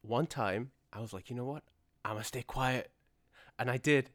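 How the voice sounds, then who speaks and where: A man's voice: medium pitch, moderate pace, a bit bright. A man telling stories in a casual conversation, acting out the voices he quotes. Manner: storytelling, acts out quoted voices. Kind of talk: casual chat.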